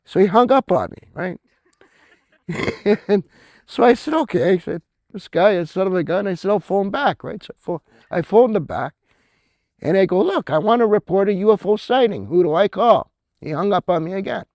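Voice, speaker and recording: Animated yet at a normal speed, a middle-aged author from Canada speaks in a high, slightly mellow voice, with no room sound. Telling a casual story at a convention, he says "right?" a lot and laughs at his own tale.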